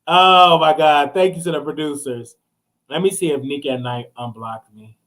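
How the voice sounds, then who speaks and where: A man hosting a casual live stream, excitable and chatty, breaking into shrieks and repeated exclamations as he talks to viewers. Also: a little high, moderate pace. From Texas. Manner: chatty, addresses viewers directly.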